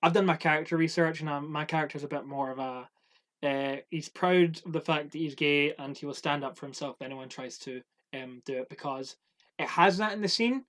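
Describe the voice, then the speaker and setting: This podcast co-host is a young man with a fairly quick, higher-leaning voice. In a casual chat, he tells stories from work with animated energy, acting out quotes and swearing freely.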